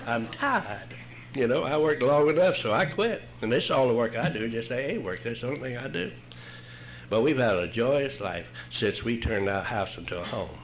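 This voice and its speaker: Older man, recovery-meeting speaker, folksy and wry, animated pitch, faint hiss behind. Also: normal speed, poor audio. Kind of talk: humorous personal storytelling talk.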